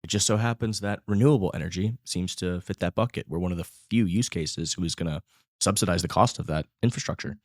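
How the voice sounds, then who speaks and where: A man's voice: low voice, fast, no echo, clean studio sound. A man hosting a podcast interview, chatting casually and agreeing enthusiastically. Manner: enthusiastic, lots of agreeing fillers. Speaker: podcast host.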